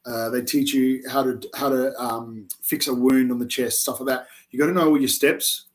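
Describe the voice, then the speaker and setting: A man's voice: medium pitch, moderate pace. Chatty young man telling his recruit-training stories. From South Australia. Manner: animated storyteller with many restarts. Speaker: interview guest, army reserve recruit. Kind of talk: casual interview chat.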